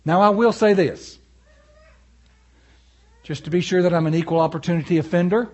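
Male pastor, slightly higher pitch, folksy animated sermon delivery with story asides. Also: moderate pace, muffled recording.

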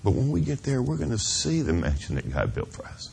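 A middle-aged man preaching a sermon in a church, earnest and confessional, asking "Amen?" of the congregation and dropping to a hushed near-whisper at tender moments. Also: mid-range voice, huge pitch swings, a little fast, vocal fry, slight background noise. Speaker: pastor.

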